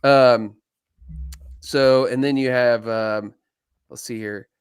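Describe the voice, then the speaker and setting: A man's voice: mid-range voice, fairly even intonation, slow pace, clear, resonant tone, no room sound. Joking man co-hosting a podcast, dry sound. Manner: joking, laughs often, many fillers. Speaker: podcast co-host. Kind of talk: casual live podcast chat.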